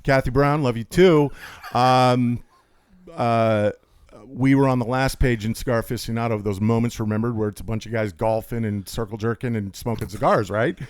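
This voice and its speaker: A man's voice: steady tone, normal speed, clear, resonant tone, no echo. A man, the guest on a podcast, telling rambling stories with lots of energy and jokes. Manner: high-energy, talkative, jokey, does voices for quotes. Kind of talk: rambling storytelling chat.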